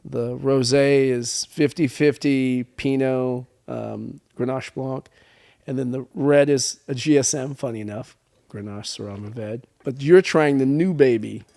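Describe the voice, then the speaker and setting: A man's voice: medium pitch, unhurried, creaky. A man guest on a wine podcast, telling stories in a casual chat and acting out the people he quotes. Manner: animated storyteller acting out quoted dialogue. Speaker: winemaker guest.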